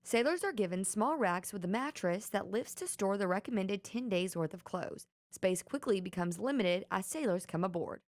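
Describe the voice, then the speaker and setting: A woman TV news reporter reading a scripted feature voice-over in a measured, clear way. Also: mid-range voice, animated, no echo.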